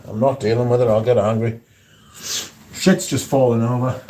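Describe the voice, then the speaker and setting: A man's voice: mid-range voice, steady tone, moderate pace, pauses often, background noise. A man hosting a casual livestream, chatting loosely and muttering and swearing to himself as he goes. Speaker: livestream host. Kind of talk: casual livestream chat, reading out viewer comments.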